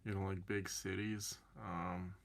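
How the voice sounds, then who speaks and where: Male streamer, low gravelly voice, slow, rambly chat with viewers by name. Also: little pitch movement. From Canada. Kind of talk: casual chat.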